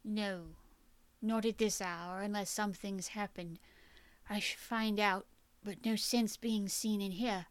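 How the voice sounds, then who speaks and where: Woman reading nervous hidden man's inner voice, quiet and anxious, dry sound. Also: medium pitch, steady tone, measured pace, no room sound, natural voice. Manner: hushed, anxious inner thoughts. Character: tense young man hiding and thinking to himself.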